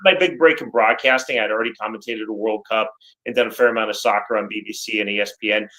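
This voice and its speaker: A man's voice: lowish voice, steady tone, fast talker, a bit bright, poor audio. A man who commentates fights, speaking as a guest in a casual interview, emphatic and articulate.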